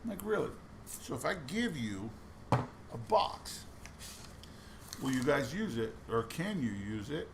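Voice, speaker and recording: A man's voice: medium pitch, sing-song, measured pace, gravelly, pauses often, background noise. A man chatting casually while going through boxes of coins, telling stories with lots of restarts. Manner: chatty storytelling with many restarts. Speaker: coin roll hunting vlogger.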